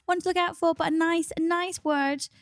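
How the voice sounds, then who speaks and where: A woman's voice: very high-pitched, steady tone, normal speed, dry recording. A woman co-hosting a podcast, chatting in an upbeat way and often laughing. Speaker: podcast co-host. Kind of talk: casual podcast chat.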